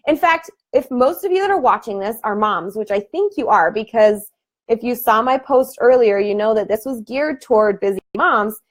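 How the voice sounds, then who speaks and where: A woman in her thirties, a fitness team coach, talking casually on a live video call and laughing often, with sudden animated bursts. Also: a little high, moderate pace. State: emotional.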